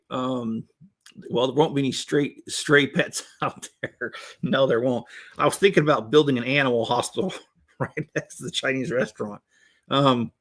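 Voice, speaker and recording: A chatty, joking man in his 50s rambles through a casual live-stream chat, chuckling often while he builds LEGO sets and reads viewer messages. His voice is medium-pitched and fairly bright.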